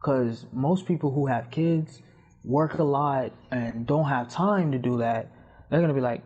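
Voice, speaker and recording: A man with a mid-range, dark, slightly rough voice talks unhurriedly on a podcast, as either guest or host. He rambles and tells stories with lots of fillers, captured in dull lo-fi audio.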